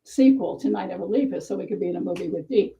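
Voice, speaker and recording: A woman author telling an animated anecdote to a live bookstore audience, acting out the voices of the people in her story. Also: medium pitch, fast, creaky, poor audio. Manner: acts out the voices in her anecdote, lively and self-deprecating. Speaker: author at a book talk. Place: bookstore event room.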